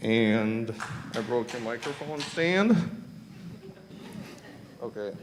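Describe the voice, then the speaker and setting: A man giving public comment at a school board meeting, halting and searching for words, at times crying with a breaking voice. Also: medium pitch, animated, slight background noise. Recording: reverberant meeting hall.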